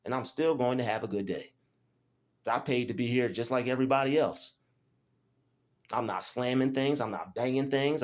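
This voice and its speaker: A man, filming a defiant, preachy rant in a small room, repeating his phrases over and over. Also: mid-range voice. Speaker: vlogger. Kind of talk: emotional self-filmed rant. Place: small rented room indoors.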